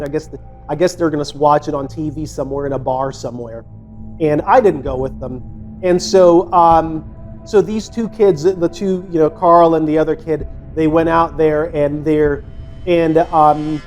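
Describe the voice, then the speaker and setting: A man's voice: on the high side, darkish tone. A man in his fifties from the United States, casually telling a personal story in a rambling way with many fillers and restarts.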